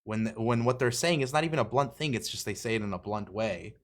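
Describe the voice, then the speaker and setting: A man's voice: mid-range voice, animated, fairly quick. Laid-back man saying "dude" a lot. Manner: laid-back, swears, says "dude" and "like" often. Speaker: interviewer. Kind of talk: casual podcast chat.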